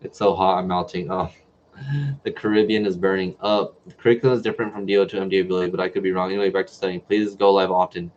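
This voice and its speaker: A fast-talking man with a deep, darkish voice and level tone hosts a casual livestream Q&A as a medical student. In his twenties and from New Mexico, he chats while reading viewer comments aloud and answering them; the dull lo-fi audio has a little hiss or hum.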